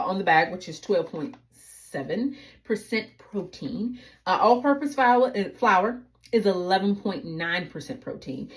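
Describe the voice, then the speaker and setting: A woman from the United States, talking through a baking lesson in a chatty, explanatory way. She strays into side explanations, and her voice rises and falls a great deal. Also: on the low side. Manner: chatty, explanatory, tangent-prone. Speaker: baking instructor. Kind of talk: casual cooking tutorial.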